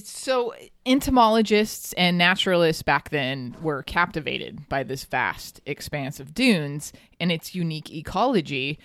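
A woman's voice: lowish voice, fairly bright tone, clear, resonant tone, dry recording, studio quality. A woman hosting a podcast, telling a local history story in a chatty, casual way and laughing often. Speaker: podcast host.

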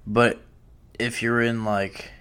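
A man's voice: medium pitch, little pitch movement, slow pace, fairly bright tone, smooth. A man in casual conversation, laid-back and hedging his points with frequent fillers.

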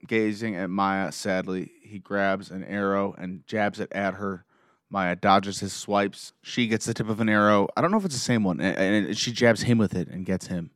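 Excitable man gushing through a recap. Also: on the low side, moderate pace, no echo, studio quality. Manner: excited, gushing fan commentary. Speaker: show recap vlogger. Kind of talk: play-by-play episode recap.

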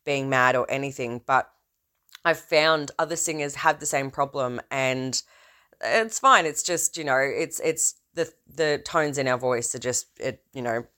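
A woman with a low, deep-set speaking voice, trained as an opera singer, rambles through a casual podcast monologue. Her tone is smooth and resonant. She restarts her sentences often and leans into theatrical emphasis. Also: steady tone, measured pace, sharp tone. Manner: rambling, self-interrupting, theatrical swings in emphasis. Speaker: podcast host.

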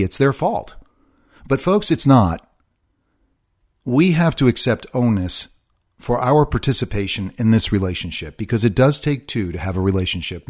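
Middle-aged man, solo podcast host, low-ish voice, earnest and confessional, repeats himself. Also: darkish tone. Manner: earnest, confessional, repetitive phrasing.

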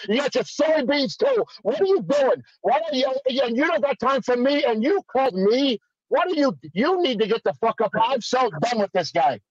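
Shrill male host, profane trash-talker, flat muffled dry recording. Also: normal speed, few pauses, no room sound. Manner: taunting, mocking, profane. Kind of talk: trash-talking comedy banter. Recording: dull dry lo-fi sound.

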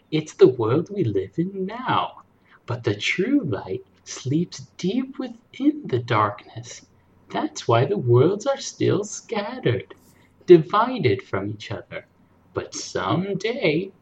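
A man voicing a gentle old grandmother who slowly tells a storybook legend. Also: a little high, lo-fi sound, exaggerated voice. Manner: slow, soft storytelling cadence.

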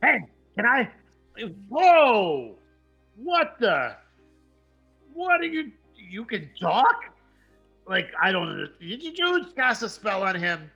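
A man's voice: high-pitched, huge pitch swings, slow pace, vocal fry, long pauses, pushed and bright, breathy edge, faint music behind, voice pushed up, exaggerated voice. A man voicing a startled, confused adventurer who stammers in a tabletop game. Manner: stammering, baffled.

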